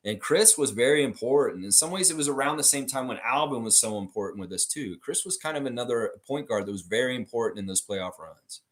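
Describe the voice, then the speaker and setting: A man hosting a live sports fan stream, chatting casually as he reads viewer comments, animated and swearing freely. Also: a little fast, hardly any pauses. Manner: animated, swings high when mocking others, swears freely.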